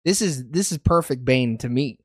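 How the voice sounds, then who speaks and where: A man hosting a casual podcast, excitable and cussing, calling his friends bro and dog. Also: mid-range voice, normal speed, no echo, clean studio sound. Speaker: podcast host.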